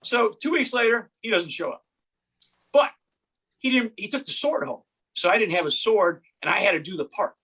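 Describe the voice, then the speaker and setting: A male comedian spins a long story on a video stream from home, now and then slipping into voices for the people in it. His tone is bright and a little husky, and his pitch swings widely as he tells it. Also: expressive, moderate pace. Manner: storytelling with acted voices and bursts of laughter. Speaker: stand-up comedian. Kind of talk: virtual stand-up set.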